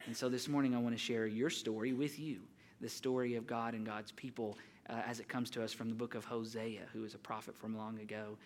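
A young man preaching a sermon as pastor, telling a story earnestly with restarts, rising in energy and then dropping soft. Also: medium pitch, little pitch movement, a little fast. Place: church.

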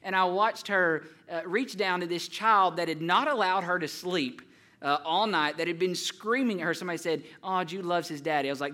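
A young man preaching a sermon as pastor, telling a story earnestly with restarts, rising in energy and then dropping soft. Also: sits high, fairly quick. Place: church.

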